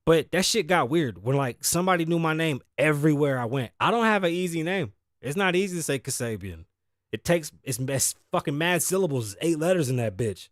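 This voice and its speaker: A man from the Bronx, New York, hosts his own show in a brisk, animated voice that sits on the high side. Though he sounds sleepy and tired, his casual solo monologue is rambling, profane and self-deprecating. Clean studio audio with no echo comes from a studio mic through an audio interface.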